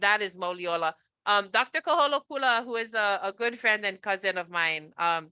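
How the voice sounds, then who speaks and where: A woman's voice: mid-range voice, sharp tone, clear, resonant tone, dry recording. A woman from Hawaii, a cultural practitioner, giving a chatty, upbeat online presentation on a video call, with many fillers and restarts.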